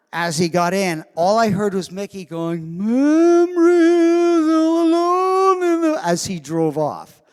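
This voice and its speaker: A man telling an anecdote to a live convention audience as guest of honor, acting out the quoted lines with animated delivery. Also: on the high side. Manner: animated storyteller who acts out quoted lines. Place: convention hall. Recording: long reverb of a large hall.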